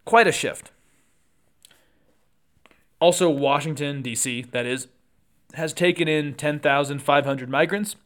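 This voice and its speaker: A man hosting a solo political podcast, talking through the news conversationally with quick asides and self-corrections. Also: a little high, a bit bright.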